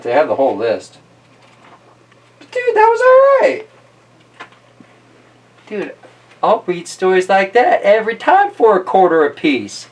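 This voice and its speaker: A chatty man reads a picture book aloud in a loose, casual way, laughing often and breaking off for jokey asides. His voice rises and falls with plenty of animation. He sounds a bit distant from the mic. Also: sits high. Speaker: storyteller host.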